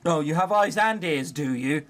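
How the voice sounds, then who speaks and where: Player doing a nasty scolding kitchen cook, lively swoops, faint music behind. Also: medium pitch, normal speed, close to an everyday voice. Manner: scolding, sneering. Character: harsh cruel kitchen cook woman.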